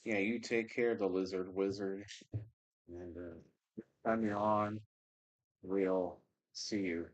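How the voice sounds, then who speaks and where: Slow-talking, low-voiced man chatting with viewers. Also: highs cut off. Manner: relaxed, rambling, reads chat aloud. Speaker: livestream host reading scripture. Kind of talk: casual livestream chat with viewers.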